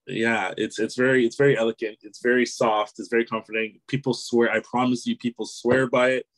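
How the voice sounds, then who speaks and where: A man's voice: medium pitch, level tone, brisk, a bit bright, low-quality recording. A man being interviewed as an author and entrepreneur, talking casually in a loose, rambling way full of "you know" and easy laughter. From Canada. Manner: easygoing, rambling, many "you know" fillers, laughs easily.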